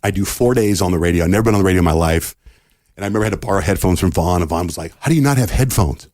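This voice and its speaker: He has a low voice and talks rapid-fire, a middle-aged US radio host telling a long story for a podcast interview. Casual and animated, he voices each person's dialogue himself, and the studio sound is clean with no echo.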